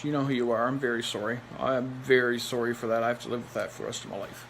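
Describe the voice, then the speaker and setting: A man's voice: mid-range voice, flat delivery, very fast, gravelly, noisy background. A man telling a personal story in a blunt, rambling way, repeating phrases for emphasis and laughing in between. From Nova Scotia, Canada.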